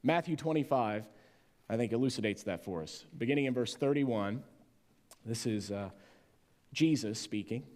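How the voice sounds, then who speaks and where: A man's voice: mid-range voice, expressive, moderate pace, long pauses, a little mellow. A man preaching a sermon as pastor, delivering it with emphasis and drawing out key words. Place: church sanctuary. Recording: long church reverb.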